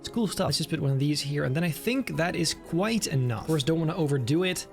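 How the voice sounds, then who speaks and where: A man's voice: on the high side, animated, quick pace, vocal fry, soft background music. A man giving casual, enthusiastic gameplay commentary, chatting and thinking aloud as he builds. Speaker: game video creator.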